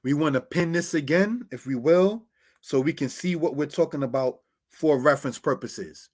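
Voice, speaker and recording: A man's voice: fairly high pitch, normal speed. A man teaching a Bible Hebrew lesson over slides, addressing viewers as brothers and sisters, explaining words step by step.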